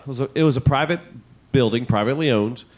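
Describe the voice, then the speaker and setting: A man co-hosting a comedy podcast in a mid-pitched voice, rambling through a long story. He swears freely and keeps to casual chat throughout. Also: quick pace. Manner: rambling, profane storytelling, acts out his own reactions. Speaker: podcast co-host.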